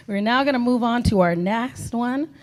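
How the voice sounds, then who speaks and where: Brief: bubbly, high-voiced woman hosting a live comedy game. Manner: bubbly, laughs often. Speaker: game show host.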